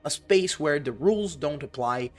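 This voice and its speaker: A man giving casual, excitable reaction commentary on a video game, swearing often and reading his own notes aloud. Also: on the high side, normal speed. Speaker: gaming vlogger.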